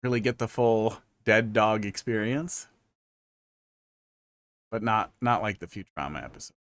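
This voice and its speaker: A man on the low side of the pitch range streams a level-building game, speaking a little slowly in a slightly bright tone with no room sound. It's casual live-stream commentary: chatty, rambling and jokey, with occasional humming to himself.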